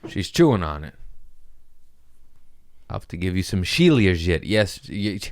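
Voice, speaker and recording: A man's voice: low-pitched, big pitch swings, a little slow, a little mellow, smooth. A young man doing a crude, rambling comedy monologue as a podcast host, often laughing at his own jokes.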